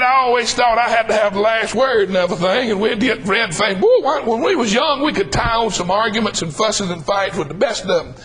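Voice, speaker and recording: A man's voice: very high voice, bright, forceful tone, rough recording. An older man preaching a humorous sermon, folksy and drawling, calling out lines for emphasis.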